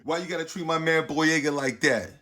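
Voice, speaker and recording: A man, a standup comedian hosting his own show, rambling through a slangy, playful comedic monologue with sudden loud jumps. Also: fairly high pitch, brisk.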